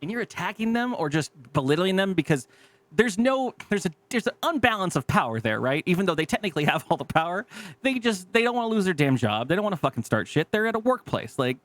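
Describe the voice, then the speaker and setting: A man on a podcast telling a story in casual chat, animated and profane, acting out the people in it. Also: sits high, fast talker, dry recording. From California. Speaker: podcast co-host.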